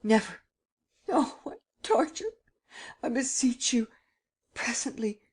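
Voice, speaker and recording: A woman's voice: sing-song, slow, a little mellow, breathy edge, exaggerated voice. A woman playing a terrified stammering young man. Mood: desperate pleading. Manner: high, faltering, stammering and sobbing. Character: terrified young man pleading for his life.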